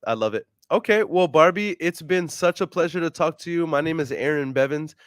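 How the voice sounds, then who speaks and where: Upbeat man, slightly higher voice. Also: a little fast, no echo, clean studio sound. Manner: upbeat, polite, jokey. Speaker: real estate investor and vlog host. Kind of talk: casual phone call and chat.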